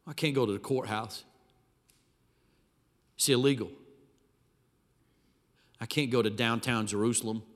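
A preacher doing a grumbling rustic shepherd. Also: male voice, medium pitch, measured pace, pauses often, pitched below the performer's own voice, close to an everyday voice. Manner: rustic drawl, stubborn and complaining. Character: rough-spoken reluctant male shepherd, plainspoken. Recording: reverberant hall.

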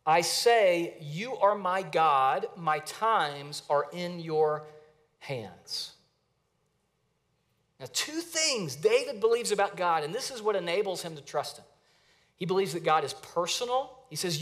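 A man preaching a sermon as a pastor, earnest, slowing down and dropping his voice to stress phrases. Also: on the high side, expressive, a bit bright. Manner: earnest, varies pace and volume for emphasis, repeats phrases.

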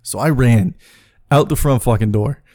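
A man hosting a podcast, telling a comic personal story in a profane, animated way, laughing as he goes. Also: medium pitch, normal speed, no echo, studio quality. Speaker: podcast host.

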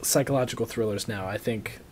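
A man's voice: lowish voice, a little fast, crowd noise. A young man co-hosting a casual movie podcast, rambling and trailing off as he talks. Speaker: podcast co-host.

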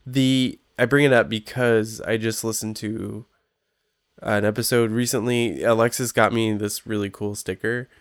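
Man, podcast host, casual chat, crisp and smooth, dry close sound. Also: on the low side, little pitch movement, moderate pace, no echo. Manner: laughs often, curious questions.

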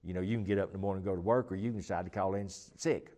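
A man's voice: sits low, fairly even intonation, very fast, mellow. A man teaching the Bible in a loose, conversational way. He rambles and restarts often, then leans hard on the points he wants to stress. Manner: rambling, emphatic, many restarts and fillers. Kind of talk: informal Bible teaching chat.

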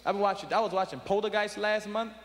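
A man's voice: high voice, fairly even intonation, fast. A young man doing profane stand-up comedy on a large arena stage, jumping into voices and impressions. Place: large arena stage before a live audience. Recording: echoey arena with loud crowd noise.

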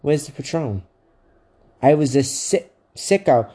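A man co-hosting a podcast, telling a profane, animated story in casual chat. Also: fairly high pitch, a little slow, pauses often, slightly rough. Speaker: podcast co-host.

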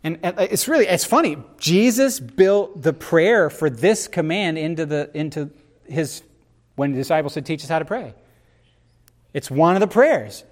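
A man hosting a casual faith discussion, talking in an animated, rambling way with frequent restarts. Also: a little high, moderate pace.

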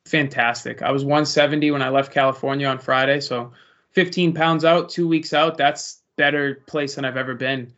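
A man's voice: medium pitch, fairly even intonation, normal speed, a bit bright. A young man, a pro fighter, casually answering interview questions in a rambling, easygoing way. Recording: lo-fi muffled audio.

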